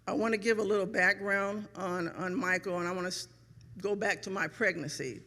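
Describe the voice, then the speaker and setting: A middle-aged woman giving an emotional, grateful speech as a parent at a ceremony, with many pauses and ums. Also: fairly low pitch, gravelly, fairly bright tone, big-room sound. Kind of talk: heartfelt speech. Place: event hall.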